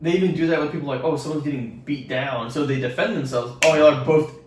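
A fairly high-pitched young man speaks fast on a casual podcast, where he co-hosts and meanders through school anecdotes loaded with swearing and performed quotes. The distant mic picks up room echo and faint noise.

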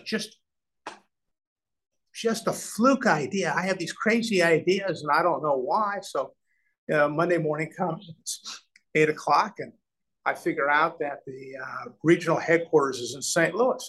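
Slightly high and a bit breathy, this Omaha man in his sixties speaks at a moderate pace as an interview guest. A real estate developer, he animatedly relays a long business tale, voicing the dialogue himself. The audio quality is poor.

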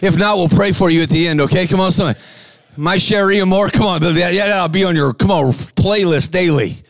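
A man with a high, bright voice preaches with fire, shouting and urging the crowd to answer him. He switches between rapid patter and slow, heavy emphasis. The sound is close and dry. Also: dry recording, soft background music. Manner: fiery, shouting calls for the crowd to respond; bursts of quick patter between slow, stressed lines. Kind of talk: sermon to a live audience.

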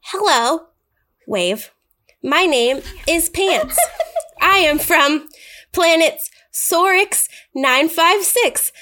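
A woman voicing a small, excitable male dragon kobold who speaks in broken, childlike phrases. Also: very high voice, very slow, voice pushed up, full character voice. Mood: excited.

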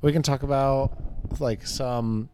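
A young man co-hosts a casual podcast, wandering through stories with plenty of restarts and laughter. His voice sits at an ordinary middle pitch for a man. He grew up in Los Angeles. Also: fairly even intonation, slow, warm tone, a little hiss or hum. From Los Angeles area. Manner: rambling storyteller, laughs often, restarts. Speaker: podcast co-host. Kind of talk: casual chat.

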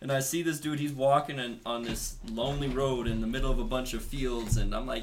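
A man's voice: mid-range voice, a little fast, fairly bright tone, slight background noise. A young man co-hosting a casual podcast, telling stories with lots of swearing and laughter. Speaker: podcast co-host. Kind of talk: casual storytelling.

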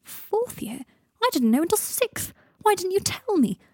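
A woman's voice: extremely high pitch, sing-song, unhurried, a little mellow, dry recording, clean studio sound, pitched above the performer's own voice, exaggerated voice. A woman doing a sarcastic dying young wizard. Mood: startled. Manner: sardonic, dramatic, drawling.

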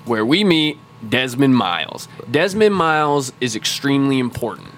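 Very animated and a bit bright, a medium-pitched male voice moves at a moderate pace against slight background noise. He's a podcast co-host casually walking through a game's story at length, profane, rambling, and prone to restarts.

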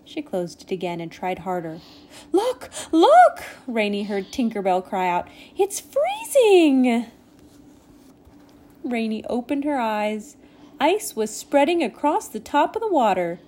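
A woman reading a children's storybook aloud in a gentle, expressive way. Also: mid-range voice, normal speed. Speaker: storybook reader.

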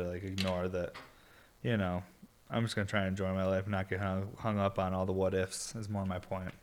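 A young man with a lowish voice talks through a solo podcast, rambling and laid-back. He is audibly stoned and leans on fillers and casual swearing. Faint noise and clicks sit behind him. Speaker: podcast host and glass blower.

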